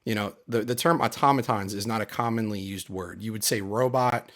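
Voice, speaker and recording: A man's voice: lowish voice, a little fast, fairly bright tone. A man hosting his channel, talking casually and emphatically, aggrieved and repeating his points. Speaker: channel host. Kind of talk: casual commentary.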